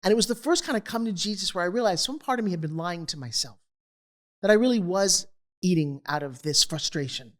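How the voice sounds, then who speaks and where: Middle-aged woman, slightly low voice, candid and animated interview storyteller. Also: brisk. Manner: animated, acts out quoted voices. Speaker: guest.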